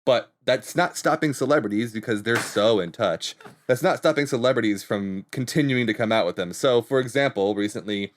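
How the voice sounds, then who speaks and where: A man's voice: mid-range voice, fairly quick, hardly any pauses. A man in casual chat on a talk show, explaining internet trends in an upbeat way and laughing often. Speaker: guest internet trends reporter.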